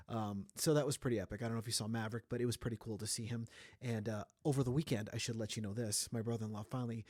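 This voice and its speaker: A man's voice: medium pitch, fast, dry recording. Male podcast host, playful and chatty, mid-range voice, dry close mic. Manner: chatty, playful, jumps into sung sounds and silly voices. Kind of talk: casual pop culture news chat.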